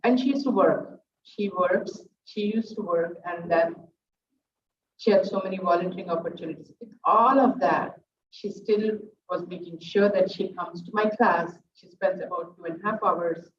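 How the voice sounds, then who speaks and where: Her lowish voice comes from afar in a reverberant space, muffled and dull over a faint hiss. A middle-aged dance teacher, she speaks sincerely at a student's recital, stopping often and leaning on fillers as she searches for the right words.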